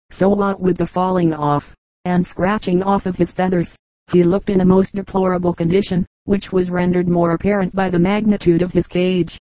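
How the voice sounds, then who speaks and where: A woman reading an audiobook as scripted narration, in an even, unhurried manner. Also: mid-range voice, no room sound, rough recording. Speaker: audiobook reader.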